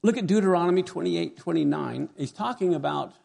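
A middle-aged man preaching a sermon as pastor, animated and conversational, often asking his congregation questions. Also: a little high, brisk, gravelly.

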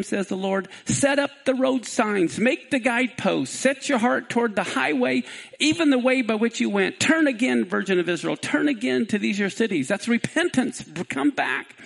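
A man's voice: high-pitched, vocal fry, rough recording. A man preaching a sermon, telling a parable with dramatic rising pleas and reading scripture aloud. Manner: dramatic storytelling, voice rising to near shouts on quoted pleas.

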